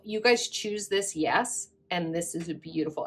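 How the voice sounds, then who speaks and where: A woman's voice: lowish voice, animated, measured pace, few pauses, husky. A woman giving a casual pick-a-card tarot reading, effusive and rambling, with many fillers. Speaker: tarot reader.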